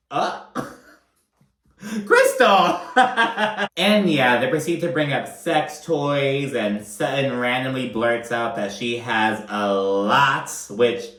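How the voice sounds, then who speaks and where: A man's voice: mid-range voice, a bit bright, echoey room. A man giving casual, profane, gossipy recap commentary on a reality show, full of fillers.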